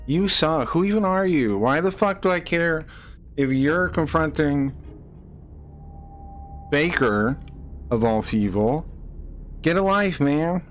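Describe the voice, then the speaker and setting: A man's voice: fairly high pitch, animated, slow, pauses often, faint music behind. A man streaming live, ranting angrily at people in his chat, swearing and repeating himself. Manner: angry, profane, repeats himself, rising to shouts.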